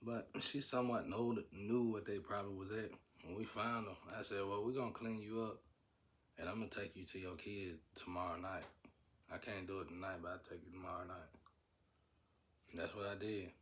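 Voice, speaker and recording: A man's voice: deep voice, steady tone, brisk, fairly bright tone. A man telling stories in a casual, rambling way, laughing often and using slang. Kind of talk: casual storytelling.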